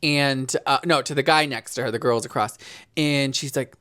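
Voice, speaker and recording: A podcast co-host chatting casually, telling stories with playful, lively asides. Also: medium pitch, normal speed, smooth. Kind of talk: casual chat.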